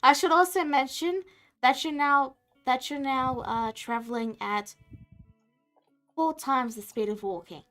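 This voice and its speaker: A woman guides a tabletop game as dungeon master in a playful, rambling style. Her voice sits fairly high. Faint music plays in the background. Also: a little slow, fairly bright tone.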